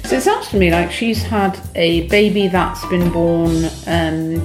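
A woman's voice: on the low side, a little slow, lightly acted. Woman playing a smug agony aunt. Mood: deadpan. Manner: deadpan, falsely authoritative. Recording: echoey clip with music behind.

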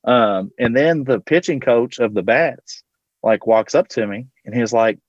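A man's voice: medium pitch, a little slow, no room sound. Casting a Louisville man as a podcast guest, a teacher-coach spinning a loose, rambling anecdote full of fillers. Muffled, dry recording. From Louisville, Kentucky. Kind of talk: casual storytelling.

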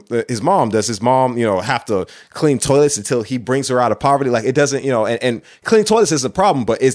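A man co-hosting a casual podcast, rambling through his points with lots of "you know" and "right" and getting worked up as he argues. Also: medium pitch. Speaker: podcast co-host.

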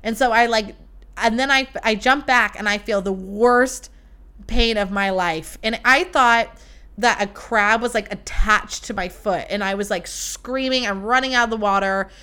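A young woman hosting a podcast, telling a story in a casual, animated and profane way. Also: on the high side, a little slow, clear, resonant tone. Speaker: podcast host.

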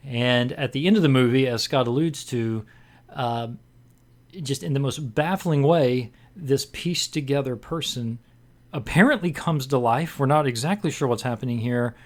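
A man's voice: medium pitch, normal speed. A man co-hosting a casual movie podcast, steering the talk with meandering, filler-heavy questions. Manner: rambling, full of fillers and restarts. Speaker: podcast co-host leading discussion. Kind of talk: casual film discussion.

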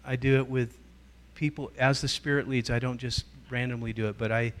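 A man's voice: mid-range voice, brisk. A middle-aged man speaks as a guest teacher at a church gathering. He tells stories with lots of life, leaning into quoted voices and changing his delivery as he goes. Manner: storytelling, animated, acts out quoted voices. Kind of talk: teaching talk to a church group.

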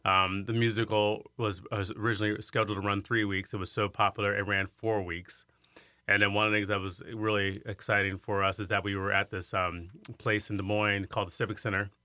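Bright-voiced man telling stories, lively. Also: on the low side, brisk, no room sound. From Iowa, USA. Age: 50s. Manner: animated storyteller who acts out quoted voices. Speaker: guest, singer and arts center director. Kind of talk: storytelling in an interview.

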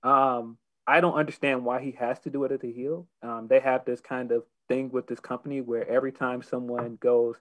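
A man chatting casually about wrestling on a podcast, his voice sitting at an ordinary middle pitch. He stumbles through restarts and fillers, then grows animated as he makes his points. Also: fast, few pauses, poor audio. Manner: hesitant, many restarts and fillers, animated when opinionated. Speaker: podcast co-host.

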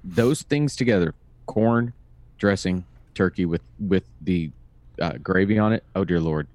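Here the voice is low, unhurried, and darkish, captured in a dry recording. He's a man in his fifties co-hosting a podcast at home, telling stories with a wry, dry, casual touch.

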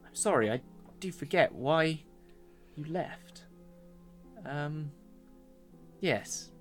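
A man's voice: on the high side, expressive, drawn-out words, faint music behind, pitched above the performer's own voice. A man voicing a forgetful, polite male Factol who is hesitant, apologetic and trails off. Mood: confused.

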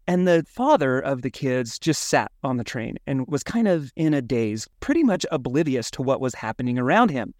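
A man co-hosting a podcast in casual chat, telling stories with lively acted-out asides. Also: mid-range voice, normal speed, hardly any pauses, no echo, clean studio sound. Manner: animated storyteller, acts out his own thoughts. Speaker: podcast co-host.

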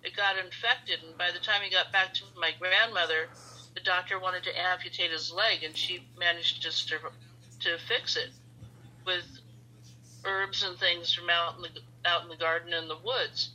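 A woman who is a podcast guest, telling lively anecdotes in conversation. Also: fairly low pitch, moderate pace, rough recording.

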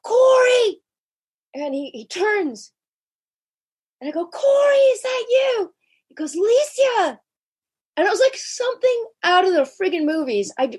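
Animated woman telling her story. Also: slightly rough. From United States. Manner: animated, shifts pitch sharply when acting out quotes. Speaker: podcast guest. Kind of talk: candid interview storytelling.

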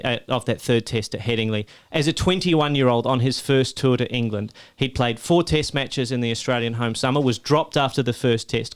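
A man's voice: medium pitch, clear, resonant tone. A man co-hosting a casual podcast, telling a story with enthusiasm, correcting himself as he goes. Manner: enthusiastic, stat-heavy, self-correcting. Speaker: podcast co-host.

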